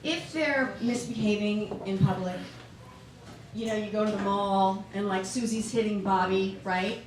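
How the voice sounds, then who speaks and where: Onstage at a comedy club, a middle-aged comedian runs through a self-mocking, chatty set and puts questions to the crowd. Her medium-pitched voice moves at a measured pace. A distant mic in the echoey room picks up background noise and the loud laughter of the audience.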